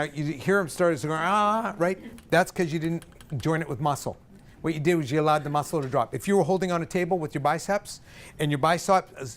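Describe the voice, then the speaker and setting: A male vocal coach leading a live group singing workshop, energetic and directive, joking with the singers. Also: fairly high pitch.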